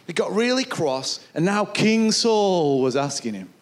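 A man preaching a sermon, retelling a Bible story with lively asides and putting on quick voices for the people in it. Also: high-pitched. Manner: acts out voices of soldiers and kings; chuckles and asides.

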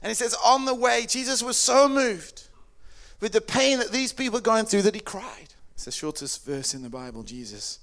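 Male preacher, slightly high voice, dramatic storyteller, loud-to-hushed swings. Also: expressive, moderate pace, gravelly. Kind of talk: sermon. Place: hall or church with a microphone.

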